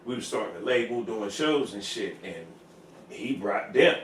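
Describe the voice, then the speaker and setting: A man's voice: lowish voice, animated, normal speed, a bit bright, a little hiss or hum. A man hosting a podcast, telling stories casually and animatedly, acting out the voices of people he quotes. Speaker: podcast host. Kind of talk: casual storytelling. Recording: roomy echo, far from mic.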